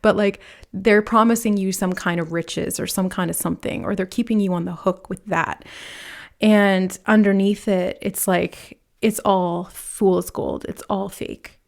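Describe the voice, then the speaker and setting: A woman reads tarot cards for her viewers, her voice sitting in a plain middle register. She talks fast in loose, animated bursts, packed with fillers, and slips into quick imitations of the people she describes. She speaks to the listener directly and earnestly. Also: medium pitch, vocal fry. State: nervous, laughing from nerves. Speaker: tarot reader. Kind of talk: pick-a-card tarot reading.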